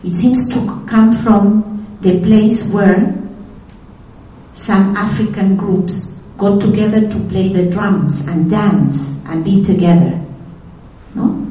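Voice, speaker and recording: A woman lectures slowly and carefully, pausing on each example word. Her voice is mellow and unhurried. She sounds distant from the mic in a strongly echoing room. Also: mid-range voice. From Argentina. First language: Spanish. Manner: slow, deliberate, spells out words carefully. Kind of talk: lecture on language history. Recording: echoey room, speaker far from mic.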